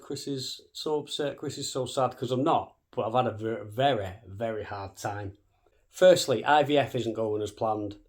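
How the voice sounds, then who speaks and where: Man, thirties, casual vlog, fast cheeky talk, sweary, mid pitch. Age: 30s. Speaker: vlogger.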